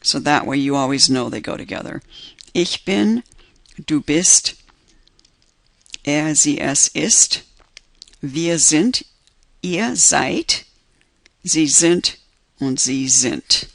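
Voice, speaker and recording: A man's voice: on the high side, animated, takes it slowly, gravelly, long pauses, fairly bright tone, no room sound. A man teaching an introductory German class over slides, patiently explaining each point step by step and repeating the examples.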